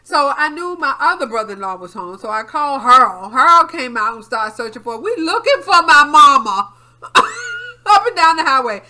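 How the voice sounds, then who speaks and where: A woman co-hosting a podcast, telling a story in casual chat and acting out quotes loudly, with frequent laughs and swearing. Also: high-pitched, moderate pace. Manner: animated, acts out quotes loudly. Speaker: podcast co-host.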